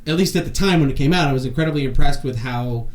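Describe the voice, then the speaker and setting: A man co-hosting a podcast, joking in an animated, casual chat. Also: mid-range voice, fast. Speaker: podcast co-host.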